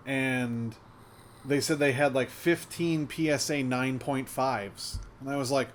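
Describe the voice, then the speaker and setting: A man's voice: mid-range voice, steady tone, a little slow, a little hiss or hum. A man co-hosting a casual hobby podcast, telling stories with sarcastic, mocking asides. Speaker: podcast co-host. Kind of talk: casual chat.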